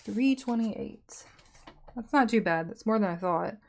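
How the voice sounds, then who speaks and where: A young woman streamer hosting writing sprints, talking softly and chatting casually with her viewers. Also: mid-range voice, measured pace, vocal fry. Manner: soft-spoken, chatty, friendly with chat.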